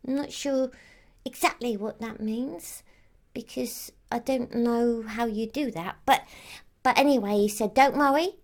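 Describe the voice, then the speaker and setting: A woman's voice: fairly high pitch, unhurried. A woman playing a childlike female Christmas elf who rambles on with lots of "like" and "um". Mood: rambling. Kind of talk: character monologue to camera.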